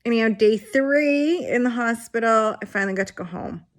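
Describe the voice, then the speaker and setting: A woman's voice: a little high, normal speed. Frank woman in her forties. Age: 40s. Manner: frank and unfiltered, with swearing and wry laughs. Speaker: vlogger sharing her illness story. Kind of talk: candid personal storytelling.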